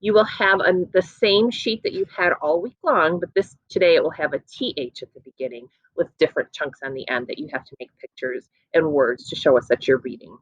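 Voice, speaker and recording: A woman teacher giving an encouraging phonics lesson to young children, slowly stretching out sounds. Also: sits low, breathy edge, no room sound, highs cut off.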